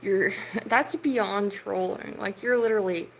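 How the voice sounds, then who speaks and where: A woman's voice: mid-range voice, measured pace, gravelly, slight background noise, low-quality recording. A woman livestreaming, ranting heatedly at her viewers' comments and swearing as she scolds them. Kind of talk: livestream rant at chat.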